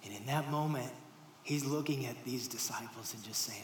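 A mid-range voice belongs to this pastor, who preaches at a moderate pace and speaks to the congregation directly, in a conversational way. He goes quiet with near-whispers before raising his voice for emphasis, and the roomy hall recording has faint ambience plus a little hiss or hum.

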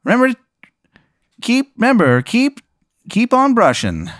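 Man putting on a high squeaky tooth spirit, bearded, chirpy, salesman patter. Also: wildly swooping pitch, unhurried, a bit bright, dry recording, clean studio sound, exaggerated voice.

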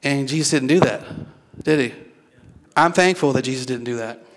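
A man's voice: mid-range voice, normal speed. A male pastor preaching a sermon in a conversational way, repeating words as he goes and drawing the congregation in with questions. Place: church.

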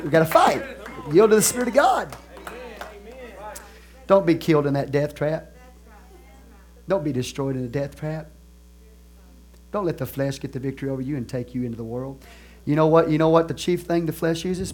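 Texan pastor preaching in loud-soft swings. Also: male voice, on the high side. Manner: laughs and jokes with the congregation. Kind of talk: sermon.

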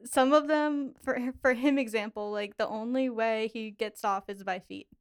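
A woman's voice: on the high side, steady tone, normal speed, clean tone. A woman in her twenties from Pittsburgh, a podcast guest telling her story in casual chat, filling her talk with "like". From Pittsburgh, USA. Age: 20s. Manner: chatty, heavy use of "like".

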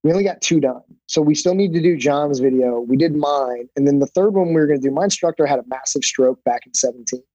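A man tells stories from his jiu-jitsu life in loose, profane chat, his voice a touch high but mellow. The sound is dry and slightly dull. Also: fast, few pauses, dry recording. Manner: loose and profane, many fillers. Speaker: jiu-jitsu instructor, podcast guest. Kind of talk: casual storytelling.

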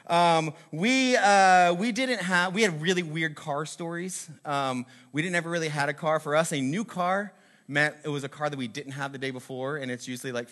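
A man's voice: on the high side, fairly bright tone. A man from the American South hosting a video, telling stories in a casual, joking, self-mocking way, rambling with many fillers. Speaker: video host. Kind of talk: casual comic storytelling to camera.

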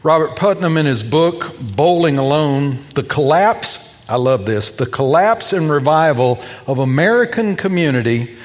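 High-voiced preacher in a reverberant hall. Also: male voice, moderate pace, few pauses. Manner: animated storytelling, acting out the people in the passage. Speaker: pastor. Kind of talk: sermon.

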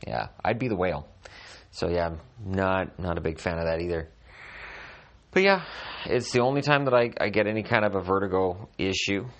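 A middle-aged man with a deep, low voice chats on his podcast from a hotel room. His humor is dry and self-deprecating, and he often restarts his sentences as he goes. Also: moderate pace. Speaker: podcast host. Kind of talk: casual solo podcast chat.

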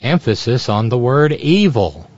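A man's voice: mid-range voice, sing-song, unhurried, no echo. A man hosting a sarcastic political commentary show, with mocking asides. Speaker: host. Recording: dry, dull lo-fi sound.

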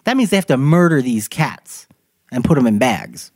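Animated man casually reading his notes. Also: medium pitch, moderate pace, no echo, clean studio sound. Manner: animated, laughs often. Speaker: podcast host.

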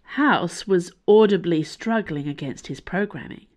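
A woman with a fairly low voice hosts her own podcast and reads a novel serial aloud. Her narration is measured and expressive. She records in a small room with a closed door. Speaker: podcast host and reader.

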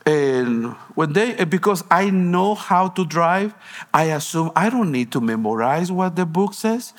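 A man preaches, unhurried and deliberate, his voice sitting a bit high for a man. He tells his stories with halting, restarting phrases, the way a pastor talks from the pulpit. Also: expressive. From Guatemala. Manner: storytelling, with broken phrasing and repeated restarts. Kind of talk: sermon.

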